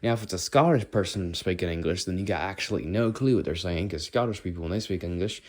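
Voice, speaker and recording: A man's voice: low-pitched, fast, hardly any pauses, darkish tone. An American man rambling casually in a walk-and-talk monologue, musing as he goes. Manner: rambling, musing, does playful accent impressions. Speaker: vlogger.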